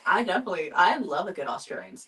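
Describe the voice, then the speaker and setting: A young woman of Mexican origin chatting casually as a podcast co-host, low-voiced for a woman and sitting a little back from the microphone. She tells anecdotes with animated, acted-out voices. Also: fast, far from the mic. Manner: animated, acts out phone calls in different voices. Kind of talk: casual chat.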